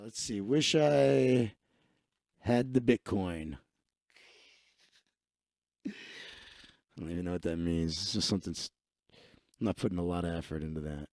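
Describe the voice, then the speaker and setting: This livestream host has a voice on the low side and a little mellow, recorded cleanly in a studio with no room sound. He rambles casually and profanely, tossing off comments as he goes through his social feed.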